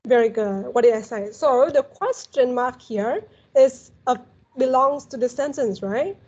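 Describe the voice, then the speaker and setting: Vietnamese lady teaching english over a video call, patient, kinda husky, muffled sound. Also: sits high, a little slow, a little mellow. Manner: encouraging, patient, frequent "very good". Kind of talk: one-on-one English lesson.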